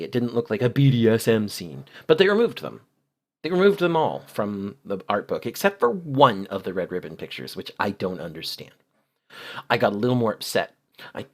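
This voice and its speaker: A man's voice: lowish voice, a bit bright. A man hosting a channel, giving critical video commentary in an exasperated, sarcastic way and explaining translations in detail. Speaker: channel host.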